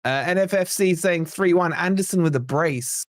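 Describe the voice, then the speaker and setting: A man's voice: high-pitched, moderate pace, no echo, clean studio sound. A man hosting a live football fan stream, chatting and reading viewer comments aloud. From England. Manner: reads viewer chat aloud, chatty and excitable. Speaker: fan channel host. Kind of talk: live stream watch-along chat.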